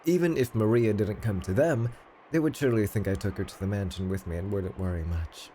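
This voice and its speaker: A man streaming himself reading a visual novel aloud in a steady, low-key narrating voice. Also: fairly quick, slight background noise.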